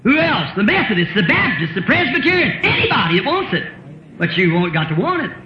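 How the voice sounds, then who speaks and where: A man in his fifties preaches in a folksy, chuckling manner, throwing out questions to his congregation. His voice sits very high and swings widely. The recording is muffled and roomy, like an old tape made in a church hall. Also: sing-song, a little fast, noisy background. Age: 50s. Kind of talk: sermon.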